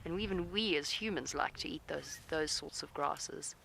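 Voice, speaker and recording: A woman safari guide giving live wildlife commentary outdoors, calm and gentle, talking softly to the animals near her vehicle and answering viewer questions. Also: low voice, normal speed, gravelly, a little hiss or hum, rough recording.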